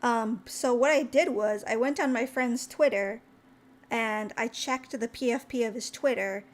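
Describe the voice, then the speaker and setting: A young woman streamer telling a long, chatty story. She acts out what people said and jumps in pitch when she gets excited, and she sounds tired. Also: unhurried. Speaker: VTuber streamer.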